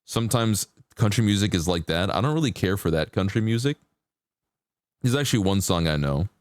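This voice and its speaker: While painting on a live stream, a man chats casually with viewers in a laid-back way, singing along to songs in a put-on country twang. His voice is low with a darkish tone, and there's no echo.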